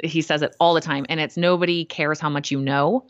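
A woman co-hosting a podcast in casual chat, animated and blunt, swearing casually and acting out what others said. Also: sits low, brisk, no room sound, highs cut off. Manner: animated, swears casually, acts out quoted voices. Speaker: podcast co-host.

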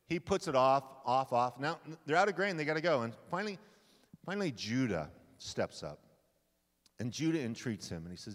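A male pastor preaching a sermon at a men's conference, telling the story with lively, acted-out quotes. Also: medium pitch, moderate pace. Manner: animated storytelling, acting out quoted lines. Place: conference hall. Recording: live hall with long reverb.

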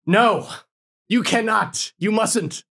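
A man voicing a lovesick, remorseful nobleman, raising his pitch into pleading melodrama. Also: takes it slowly, vocal fry, fairly bright tone, breathy edge, exaggerated voice. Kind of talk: playful retelling on a podcast.

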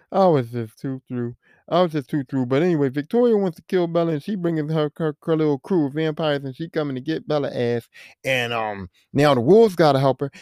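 A podcast host ranting about a movie in a casual, profane, animated way, full of rhetorical questions. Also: medium pitch, no room sound, studio quality.

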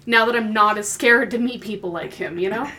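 A woman's voice: medium pitch, sharp tone. A woman hosting a podcast, telling stories in a chatty, bubbly way. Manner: chatty storytelling, fast and bubbly. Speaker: podcast host. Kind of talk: casual chat.

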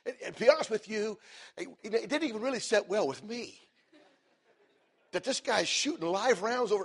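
A middle-aged man preaching a sermon, telling a story and swinging from hushed, quiet stretches to loud, emphatic preaching. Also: high voice, very animated, normal speed, vocal fry, husky.

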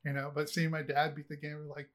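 A middle-aged man chatting on a podcast, his voice sitting a bit high. He rambles along, stacking fillers as he goes. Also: monotone, fast talker. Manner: rambling, heavy on fillers, laughs often. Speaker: podcast co-host. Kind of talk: casual chat.

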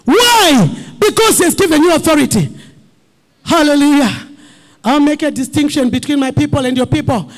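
A male pastor preaching a sermon, rising to shouted, crying peaks and repeating short refrains, with his voice sometimes drifting away from the mic. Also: extremely high pitch, expressive, normal speed.

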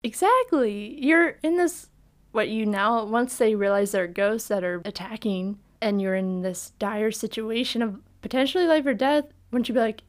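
A woman's voice: fairly high pitch, moderate pace. A woman co-hosting a podcast, chatting casually about a film, laughing and acting out its lines. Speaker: podcast co-host. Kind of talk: casual film review chat.

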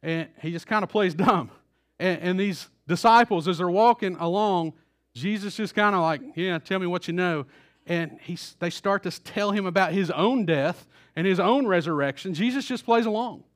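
A man's voice: sits high, moderate pace. A man preaching a sermon in a church, telling the story casually and acting out the quoted lines. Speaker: pastor. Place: church auditorium. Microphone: stage microphone.

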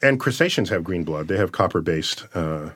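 A man tells stories in a relaxed interview, his pitch swooping up and down as he gets excited, and he laughs easily. The recording is close and dry with no room echo. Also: moderate pace, husky. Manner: animated, storytelling, laughs often. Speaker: guest astrophysicist. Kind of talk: casual interview chat.

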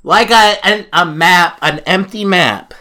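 A man's voice: high-pitched, slow, sharp tone. A man chatting playfully with friends, laughing and joking as he tries to name all the US states. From United States. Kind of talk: casual chat among friends.

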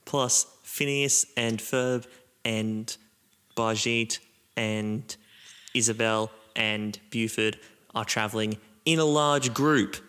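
A man's voice: fairly low pitch, fairly even intonation, takes it slowly, bright, forceful tone, smooth. A man co-hosting a casual podcast chat, recapping a cartoon episode in a rambling way with lots of ums and some swearing. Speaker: podcast co-host.

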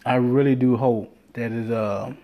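A man's voice: medium pitch, fairly even intonation, unhurried, dull audio. A man hosting a podcast, talking loosely and rambling, swearing freely and acting out quoted lines. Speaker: podcast host. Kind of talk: casual monologue.

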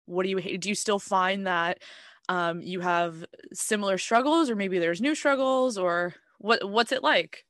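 A host leads a casual chat, firing off strings of questions. The voice is bright and edged. The recording is dry and close. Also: mid-range voice, measured pace, no echo. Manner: asks strings of questions, animated. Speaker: podcast host.

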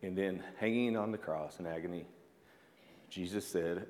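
A man's voice: low-pitched, normal speed, darkish tone, in a large hall, a little hiss or hum. A man preaching a sermon as pastor, conversational, with asides, fillers and calls of "amen" to the congregation.

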